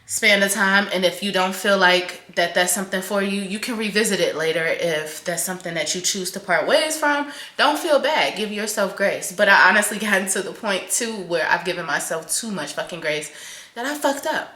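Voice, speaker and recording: A woman's voice: medium pitch, normal speed. Candid, swearing young woman venting. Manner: candid and emotional, swears often, swings from loud to soft. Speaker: vlogger. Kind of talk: raw confessional venting to camera. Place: home kitchen, in doors. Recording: echoey room.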